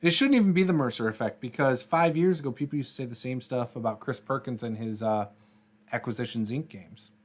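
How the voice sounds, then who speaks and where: A man hosting a relaxed livestream chat about tabletop games, with a voice of ordinary middle pitch. He rambles and laughs often, with fillers and false starts, and drifts from point to point as he reacts to viewers. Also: a little fast. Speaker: host of a tabletop RPG livestream. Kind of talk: casual livestream chat, reading viewer comments.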